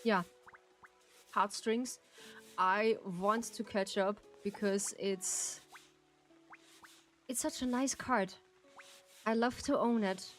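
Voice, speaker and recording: A woman's voice: mid-range voice, fairly even intonation, slow, long pauses, soft background music, poor audio. A woman streaming a game, chatting casually and gushing with frequent giggles as she thanks her chat. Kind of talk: casual live-stream chat while gaming.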